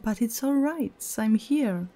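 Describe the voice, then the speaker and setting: Eerily calm woman on the phone, as a narrator puts her on, subtle lisp, raised higher voice, tranquil, distracted, spooky storybook. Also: slow. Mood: serene.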